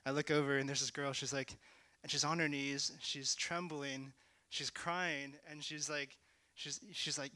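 A young man sharing a testimony in a casual, rambling way, full of "like" and "you know", at times rising to shouting. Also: on the high side, fairly even intonation, moderate pace, clear, resonant tone, dry recording. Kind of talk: testimony talk.

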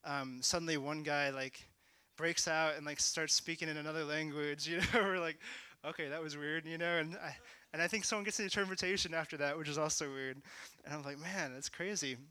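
Young man telling a testimony, crisp and bright. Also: a little high, fairly even intonation, brisk, few pauses, no echo. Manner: casual, lots of "like" and "you know", rising to shouts. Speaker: speaker sharing a testimony. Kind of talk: testimony talk.

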